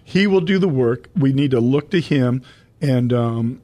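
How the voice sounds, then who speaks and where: A man's voice: mid-range voice, animated, mellow, no room sound. Man hosting a Christian radio show, dry sound. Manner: addresses listeners as folks, reads scripture slowly. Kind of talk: Bible study radio talk.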